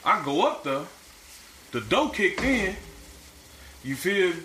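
A man with a bright, forceful voice tells stories in a casual, profane way and acts out what people said. The room is echoey, and faint noise sits under his voice. He sounds like a podcast co-host chatting with friends. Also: sits high, slow pace. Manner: animated, profane storytelling with acted-out quotes. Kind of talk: casual storytelling chat. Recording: roomy echo, faint background noise.

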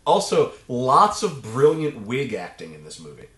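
A man's voice: medium pitch, wildly swooping pitch, moderate pace, a bit bright. A man with a middling voice co-hosts a movie podcast, chatting casually. He jokes, stumbles into sentences and reaches for odd metaphors. The room around him is echoey. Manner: playful, jokey, fond of odd metaphors. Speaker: podcast co-host. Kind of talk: casual movie review chat. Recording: roomy echoey mic.

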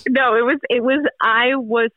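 A woman's voice: on the high side, steady tone, moderate pace, dry recording. A woman telling a personal story in a casual, rambling way with many fillers, heard over a phone line. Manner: rambling, lots of fillers and restarts. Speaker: radio host, guest. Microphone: phone call. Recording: tinny phone line, dry.

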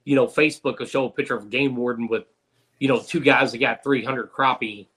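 A man's voice: mid-range voice, steady tone, fairly quick, fairly bright tone. A man, a guest in a casual interview, telling fishing stories in an easygoing, folksy way. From Kentucky.

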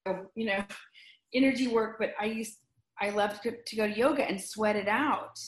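A woman's voice: medium pitch, normal speed. A middle-aged woman in casual conversation, telling personal stories earnestly and with feeling, often restarting her sentences. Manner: earnest, emotional storytelling with many restarts. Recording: roomy echo.

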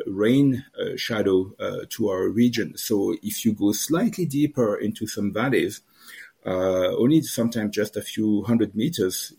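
A man's voice: fairly low pitch, creaky, darkish tone, slightly rough. A wine grower answering interview questions at length, with frequent "uh" fillers as he explains. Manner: hesitant, many "uh" fillers, explanatory.

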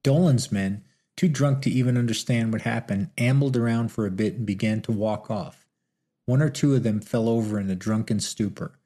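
Brief: male audiobook narrator, low pitch, husky tone. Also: normal speed. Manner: steady, storytelling.

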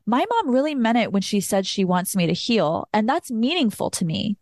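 A woman's voice: mid-range voice, sing-song, moderate pace, darkish tone, dry recording, studio quality. A young adult woman hosting a podcast, talking openly and emotionally about healing from her relationship with her mother. She says "like" often and swears now and then. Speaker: podcast host. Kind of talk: personal reflective monologue.

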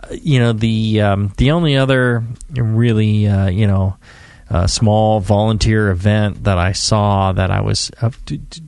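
A man co-hosting a podcast in casual chat, rambling and halting with lots of fillers and restarts. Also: fairly low pitch, fairly even intonation, gravelly, a little mellow, clean tone, no echo. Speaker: podcast co-host.

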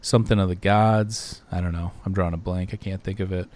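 A man co-hosting a podcast, talking through slides in a loose, rambling way with lots of fillers and pauses. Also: deep voice, fairly even intonation, a little mellow, no echo. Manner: rambling, hesitant, many fillers. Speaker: podcast co-host. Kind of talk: casual podcast discussion.

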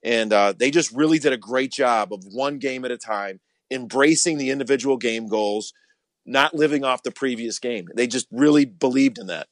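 A man's voice: medium pitch, normal speed, no echo. A man, a college basketball coach, answering interview questions earnestly, often repeating words as he starts.

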